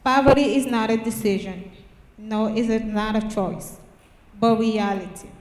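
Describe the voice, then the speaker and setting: A teenage girl reading her own poem aloud at a public reading, earnest and halting with restarts. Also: a little high, fairly even intonation, darkish tone. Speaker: student writer. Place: church hall at a public reading. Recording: echoey church hall from far off.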